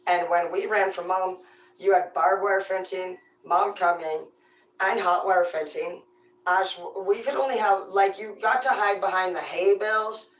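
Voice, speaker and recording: A woman telling profane, rambling comedic stories about growing up on a farm, in a loose, animated way. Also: medium pitch, a little slow, far from the mic. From rural farm upbringing. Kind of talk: casual comedic storytelling. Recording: roomy, away from the mic.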